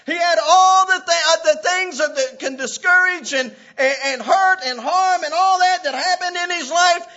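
A man preaching a sermon with passion, often breaking into shouts and laughs. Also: very high voice, normal speed. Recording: dull lo-fi recording.

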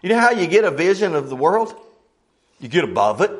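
A middle-aged man preaching a folksy sermon, quoting scripture in old wording and swinging from loud highs to low murmurs. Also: sing-song, brisk.

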